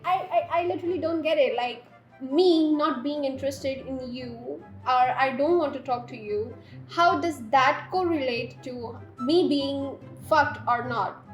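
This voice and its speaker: A woman's voice: high voice, takes it slowly. A young woman, telling a storytime while doing her makeup, exasperated and laughing as she swears and rants. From India. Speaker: beauty vlogger. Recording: echoey room with faint background music.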